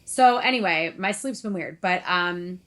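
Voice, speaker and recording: A woman's voice: fairly low pitch, measured pace, a bit bright. A young woman co-hosting a podcast, chatting casually with lots of "like" and frequent laughter. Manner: rambling, heavy use of "like", laughs often. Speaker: podcast co-host. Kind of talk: casual chat.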